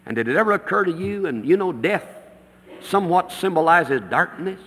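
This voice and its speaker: Lively, bright-voiced preacher man in a hall. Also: high voice, normal speed, slightly rough. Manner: dramatic preaching swinging between loud and hushed. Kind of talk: sermon with storytelling.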